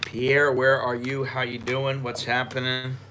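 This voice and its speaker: A man's voice: medium pitch, monotone, measured pace, sharp tone, slight background noise. An American man chatting loosely on a live stream while drinking tequila, swearing and rambling with many restarts. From United States. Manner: profane, rambling, frequent restarts.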